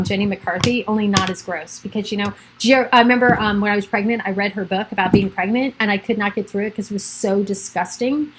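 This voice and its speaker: A woman's voice: mid-range voice, noisy background. A middle-aged woman, a realtor hosting a casual livestream from home, chatting in a rambling way and laughing often. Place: at home by a computer.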